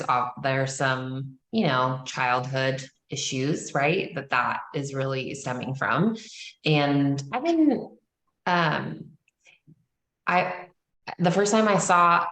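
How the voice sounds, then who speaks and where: Low, slow woman in an echoey room. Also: a bit bright. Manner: halting, hesitant, many pauses and fillers. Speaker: call member sharing. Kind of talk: candid personal sharing.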